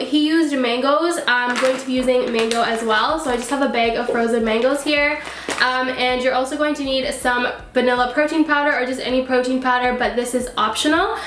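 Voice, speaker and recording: A woman's voice: high-pitched, fairly bright tone. A woman hosting a casual cooking vlog in her home kitchen, chatty and upbeat, her voice nasal and stuffy from a cold. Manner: chatty and upbeat, with frequent fillers. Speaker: cooking channel host. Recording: echoey kitchen.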